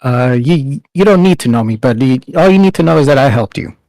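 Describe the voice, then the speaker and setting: A man playing a tabletop game, speaking haltingly and repeating words. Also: mid-range voice, animated, darkish tone, no echo, low-quality recording. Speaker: player. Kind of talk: casual tabletop play, in character.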